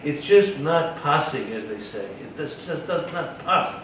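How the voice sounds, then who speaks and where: A man's voice: fairly high pitch, big pitch swings, a little slow, a bit bright. A man giving a Torah-study lesson, reading a Hebrew text aloud, translating it, and asking his listeners rhetorical questions. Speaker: Torah teacher. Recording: echoey room, distant mic, faint background noise.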